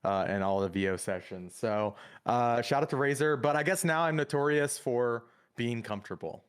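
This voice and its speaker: A man's voice: medium pitch, moderate pace, smooth. A man co-hosts a casual gaming podcast. He talks in a wry, self-deprecating way and keeps the banter with the host going.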